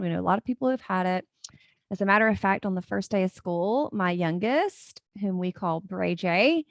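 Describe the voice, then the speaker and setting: A woman in her 40s, a podcast host and life coach, chats casually on her solo show in a medium-pitched voice, telling family stories and laughing often. The studio sound is clean with no echo.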